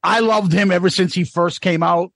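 A man's voice: high voice, fairly even intonation, normal speed, fairly bright tone, no echo, studio quality. A middle-aged man co-hosting a casual podcast chat. He laughs often and acts out the bits he talks about. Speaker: podcast co-host.

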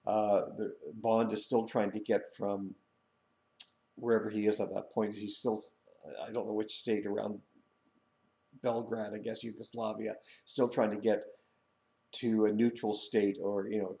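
A man's voice: on the low side, little pitch movement, unhurried, dark tone, reverberant. A man from Canada who hosts a video channel, reviewing a book and its film in a rambling casual way, with many fillers and restarts.

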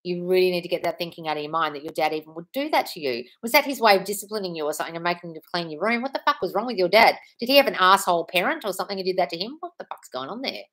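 A woman's voice: lowish voice, lively intonation, racing, few pauses, a bit bright. A woman in her forties, a manifestation coach answering viewer comments on a live stream, blunt and profane, calling everyone darling. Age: 40s. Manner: blunt, swears freely, calls listeners darling.

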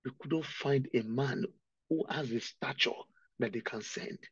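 A man's voice: medium pitch, measured pace, husky, no echo. A man preaching an emotional sermon, crying out and repeating his phrases with great feeling. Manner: impassioned, repeats phrases and cries out. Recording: dull, dry lo-fi sound.

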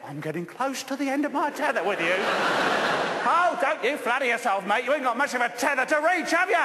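A brash English man bellows and bickers on a theatre stage, his voice pitched very high and swinging wildly. It comes through an echoey live theatre recording with a long hall reverb. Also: very animated, normal speed, background noise. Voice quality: loud, brash and shouty. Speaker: stage comedian. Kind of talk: live stage comedy performance.

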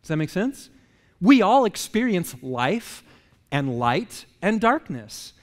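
With a high, sing-song voice and a slow pace, this pastor preaches casually in a big hall. He keeps joking and peppering the congregation with rhetorical questions.

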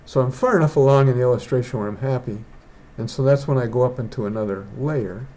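Digital artist, male, mellow tone; meandering, talks to himself while working. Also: medium pitch, quick pace, a little hiss or hum. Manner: rambling, thinks aloud. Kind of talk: casual painting tutorial. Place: indoors, rain outside.

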